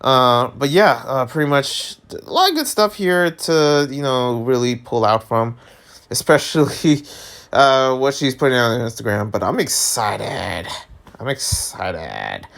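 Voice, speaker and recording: A man ranting casually to his camera, his voice leaping higher whenever he gets worked up. He talks in a mid-range voice, laughs often and stumbles over his words as the exasperation builds. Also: a little slow, clean tone. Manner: animated, exasperated, pitch jumps high when worked up. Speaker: vlogger.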